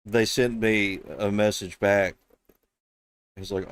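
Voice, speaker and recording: Brief: low-voiced man, rambling amused streamer chat, dry close mic. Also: fairly even intonation, slow pace, long pauses, clean tone, dry recording. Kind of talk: casual chat.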